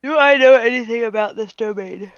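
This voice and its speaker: A tired, yawning woman playing in a tabletop game and chatting in a relaxed, easygoing way. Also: on the high side, brisk, dry recording. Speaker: player. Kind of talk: casual tabletop role-play. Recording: dull lo-fi mic.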